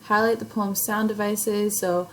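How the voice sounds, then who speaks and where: A woman's voice: mid-range voice, steady tone, unhurried, a bit bright, rough recording. A young adult woman teacher recording a video lesson, explaining an assignment casually step by step with many fillers. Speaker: English teacher. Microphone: recording herself on camera at home or in class setup.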